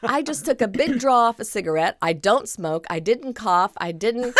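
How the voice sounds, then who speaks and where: Lively storytelling woman in her sixties. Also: fairly high pitch, moderate pace, a loud crowd. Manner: animated, acts out quoted voices and laughs often. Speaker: guest. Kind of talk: casual storytelling.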